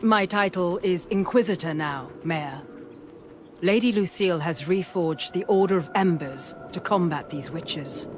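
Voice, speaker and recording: A man's voice: high-pitched, unhurried, a little hiss or hum. A man voicing a determined young inquisitor hero in a video game. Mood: resolute. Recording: game dialogue over music.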